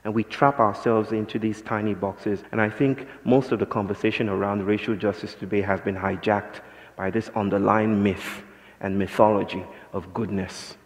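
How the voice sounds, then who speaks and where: Brief: lower-voiced man, measured philosophical speaker, hall echo on the recording. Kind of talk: reflective public talk. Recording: long hall reverb.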